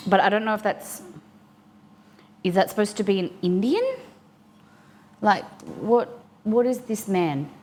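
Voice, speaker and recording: A woman's voice: medium pitch, measured pace, pauses often, a little mellow, a little hiss or hum. A young woman chatting casually with viewers on a live stream while eating, reading chat aloud and answering.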